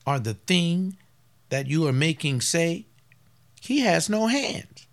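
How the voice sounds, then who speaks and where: A man preaching a fiery sermon as pastor, swinging from loud outbursts to hushed asides. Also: a little high, big pitch swings, slow pace.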